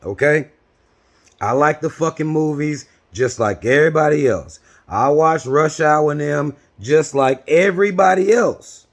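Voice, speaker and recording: A man in his thirties telling a story as a rambling, profane rant, blunt and full of swearing and restarts. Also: a little high. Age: 30s. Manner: heavy swearing. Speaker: vlogger.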